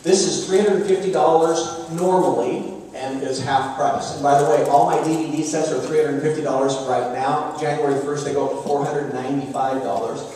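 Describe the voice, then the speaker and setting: A man giving a lively, joking business talk at a luncheon, speaking direct advice to the audience. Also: on the high side, brisk, hardly any pauses, slight background noise. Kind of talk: live seminar talk. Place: luncheon hall. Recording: echoey hall from far off.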